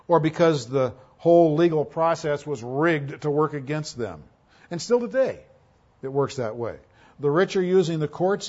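Husky-voiced male preacher, emphatic. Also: mid-range voice, lo-fi sound. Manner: emphatic preaching with rhetorical questions, swinging between loud and soft. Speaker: pastor. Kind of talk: sermon.

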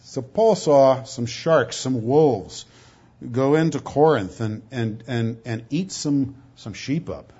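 A man preaching a sermon, emphatic, swinging from loud stretched words to low asides, often repeating words as he goes. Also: slightly rough. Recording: dull lo-fi recording.

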